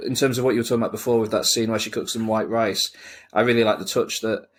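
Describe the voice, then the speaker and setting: A low-voiced man reviews a film in casual podcast chat. He is thoughtful and earnest and lingers on small details. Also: steady tone, fast talker.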